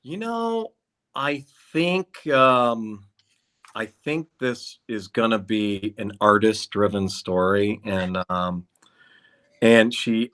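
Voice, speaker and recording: A man's voice: lowish voice, slow pace, clear, resonant tone. A middle-aged man, a concert promoter, telling anecdotes in conversation and acting out other people's lines. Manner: animated, acts out dialogue in quotes. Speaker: concert promoter, podcast guest.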